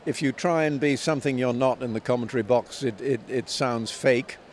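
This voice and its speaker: A man in his seventies talks at a measured pace with plenty of ums and restarts. He sounds like a veteran commentator telling stories in an interview. His voice sits in a middle pitch, with faint noise behind it. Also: steady tone. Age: 70s. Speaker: tennis commentator and author, guest. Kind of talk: reflective interview answers.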